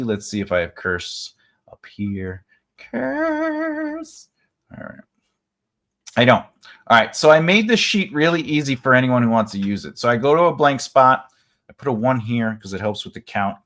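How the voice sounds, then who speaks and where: A man's voice: fairly low pitch, a bit bright. A man from the United States giving a casual, rambling live writing lesson, full of fillers and restarts. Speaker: writing teacher.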